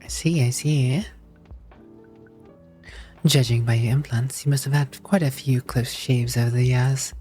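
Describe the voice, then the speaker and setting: An easygoing streamer with a US Southern accent, reading video game dialogue aloud and chatting casually. The voice is mellow and warm, with chuckles between remarks. Faint game music sits underneath. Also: medium pitch, fairly even intonation, a little slow, long pauses.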